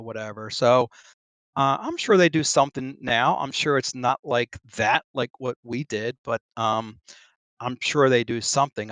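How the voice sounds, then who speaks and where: A man's voice: medium pitch, fairly bright tone, dry recording. A middle-aged Navy veteran being interviewed over a voice call. He tells his story casually, full of ums and restarts, and laughs between phrases. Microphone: online voice call.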